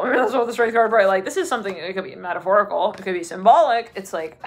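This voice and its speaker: A woman's voice: mid-range voice, fast, hardly any pauses, husky. A woman giving a channeled tarot reading, chatty and rambling, laughing often and acting out the voices she describes. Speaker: tarot reader.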